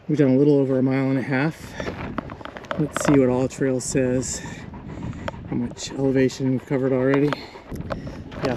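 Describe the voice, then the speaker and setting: A man narrating a casual vlog while hiking a mountain trail outdoors, chatty and out of breath from the climb. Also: mid-range voice. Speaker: vlogger. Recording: noisy outdoor recording.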